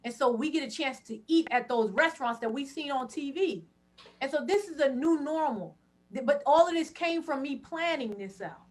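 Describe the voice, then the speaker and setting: High-voiced lively woman storyteller. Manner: loud, laughing, quick asides. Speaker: podcast guest. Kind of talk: animated storytelling.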